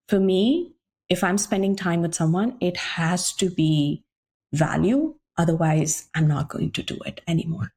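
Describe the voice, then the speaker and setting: A pregnant woman from India, a guest on a podcast, telling stories in a lively way and acting out her own past remarks. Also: fairly low pitch, slightly rough. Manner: animated storyteller, often acting out remarks she once made. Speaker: guest entrepreneur. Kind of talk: casual podcast chat.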